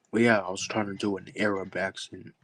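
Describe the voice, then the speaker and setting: A man with a low voice and little rise or fall explains his characters in casual chat. He talks in short, halting bursts, and the sound is dry and close. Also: dry recording.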